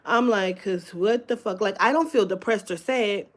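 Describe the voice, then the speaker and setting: A woman's voice: medium pitch, normal speed. A woman chatting on a live stream from home, rambling and candid, swearing freely with lots of fillers. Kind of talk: casual live-stream chat.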